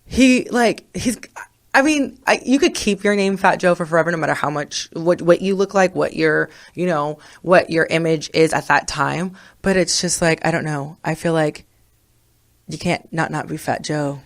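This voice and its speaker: A woman's voice: low-pitched, moderate pace. A woman co-hosting a podcast in casual chat, talking loosely with many fillers and frequent laughs. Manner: chatty, lots of "like" and laughs. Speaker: podcast co-host.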